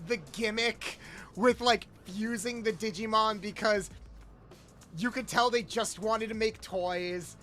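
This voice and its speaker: A young man streaming a video game, chatting casually with viewers, loud and animated with swearing. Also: high voice. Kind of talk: casual gameplay livestream chat.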